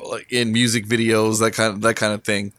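A man's voice: fairly low pitch, flat delivery, brisk, a bit bright, no room sound, clean studio sound. A man telling a crude, laid-back story in a casual podcast chat.

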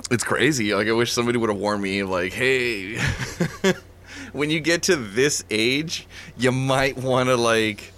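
A man's voice: medium pitch, unhurried, fairly bright tone. A man in his thirties telling stories in a casual chat, laid-back, swearing and laughing.

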